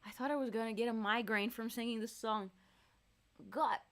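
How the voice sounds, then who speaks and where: A woman's voice: a little high, steady tone, moderate pace, fairly bright tone. Chatty woman streamer between songs. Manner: chatty, laughing, reads viewers' messages aloud. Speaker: singer and streamer. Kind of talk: casual live-stream chat between songs.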